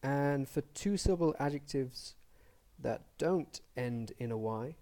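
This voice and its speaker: A man gives an English grammar lesson at a very unhurried pace, pausing between short phrases. His voice sits at an ordinary middle pitch. He spells words out letter by letter as he explains the rules. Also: expressive, dark tone. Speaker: English teacher.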